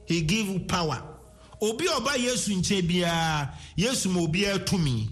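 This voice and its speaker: A man's voice: high-pitched, lively intonation, moderate pace, a bit bright. A man with a Ghanaian accent preaching a sermon, switching between English and Twi, repeating his words and sometimes singing his phrases.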